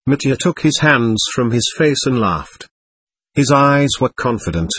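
A male narrator reading a classic novel aloud, steady and unhurried. His husky voice moves with a lively melody, and the recording is dry and close with no room sound. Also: medium pitch, no room sound.

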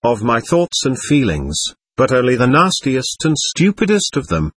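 A man's voice: medium pitch, wildly swooping pitch, normal speed, a bit bright, slightly rough, dry recording, full character voice. A man reading an audiobook, voicing a tormented, feverish young man who speaks with agitated contempt. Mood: scornful.

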